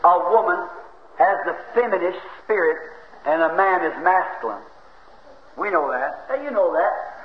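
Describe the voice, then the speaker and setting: A fervent, high-voiced preacher, swinging between ringing shouts and low, folksy asides. He is captured on a dull, hissy old tape in a roomy church. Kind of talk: sermon.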